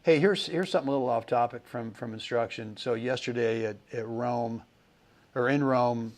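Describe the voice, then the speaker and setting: A man's voice: mid-range voice, normal speed. Chatty male podcast host. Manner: chatty storyteller, repeats words, animated when quoting. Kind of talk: casual podcast conversation.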